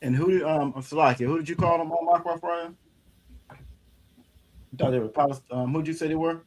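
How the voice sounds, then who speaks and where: A man in a scripture class reading a definition aloud from a reference book, measured and explanatory. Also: a little high, a little mellow.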